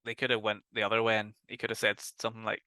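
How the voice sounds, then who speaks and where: Bright-voiced Northern Irish man, animated chat. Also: fairly low pitch, rapid-fire, no room sound. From Northern Ireland. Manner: enthusiastic, swears freely, laughs a lot. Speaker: podcast co-host. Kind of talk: casual chat reviewing a film.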